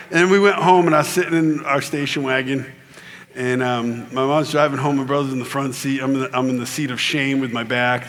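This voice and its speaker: A high, bright-voiced man tells a funny story from a conference stage. He jumps into other people's voices, swings his pitch up and down, and laughs his way through the lines. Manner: animated, acts out voices, laughs often. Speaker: conference keynote speaker. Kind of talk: comedic storytelling sermon. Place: large conference hall.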